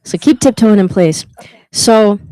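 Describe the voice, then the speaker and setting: A woman's voice: medium pitch, measured pace, warm tone, no echo. A woman hosting a live open mic night, joking with the crowd and reading a poem, with a playful, teasing manner. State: out of breath. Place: live venue with an audience.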